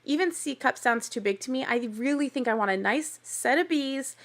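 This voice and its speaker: A woman's voice: high voice, expressive, moderate pace. A young adult woman hosting a podcast, recapping a reality show in a chatty, candid way and laughing often. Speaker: podcast host. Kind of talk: casual TV recap.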